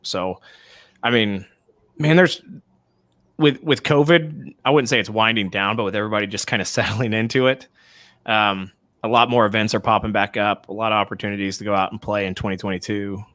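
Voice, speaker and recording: A man's voice: fairly low pitch, a little fast, fairly bright tone, dry recording. A man co-hosting a podcast in casual chat, laid-back and rambling. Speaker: podcast co-host.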